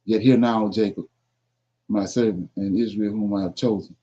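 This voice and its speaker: Dark husky man reading scripture. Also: on the low side, fairly even intonation, normal speed. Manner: reads verse aloud, stops to explain. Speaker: Bible class teacher. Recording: dull lo-fi sound.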